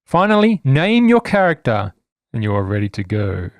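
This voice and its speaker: A man running a tabletop game, reading out the rules clearly with dry asides. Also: mid-range voice, wildly swooping pitch, normal speed, no room sound. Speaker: game master. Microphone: podcast microphone.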